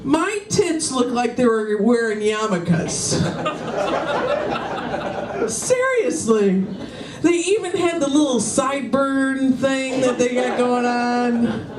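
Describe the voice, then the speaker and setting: A woman's voice: fairly high pitch, lively intonation, slow, background noise. A woman in her forties doing a bawdy stand-up set, chatty and brash in her storytelling. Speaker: stand-up comedian. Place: hotel lounge comedy club. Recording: roomy live room, distant mic, audience.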